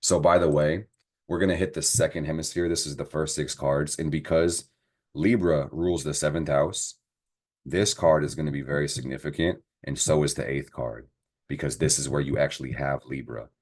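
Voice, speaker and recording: A man's voice: a bass voice, moderate pace. A man giving a casual astrology and tarot reading to camera, talking in a slangy, profane, encouraging way. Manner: slangy, profane, animated pep talk.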